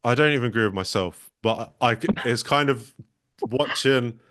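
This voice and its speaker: A man's voice: mid-range voice, normal speed, a bit bright. A man co-hosting a casual film podcast, hesitant and thinking aloud as he talks. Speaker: podcast co-host.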